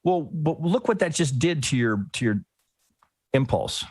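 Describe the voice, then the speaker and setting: A man's voice: a little high, lively intonation, unhurried, darkish tone, husky, no room sound. A man teaching a trading lesson while he analyzes a chart live. He thinks aloud in a casual way, restarts his sentences often and keeps asking "right?". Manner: casual, occasionally swears. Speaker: trading educator.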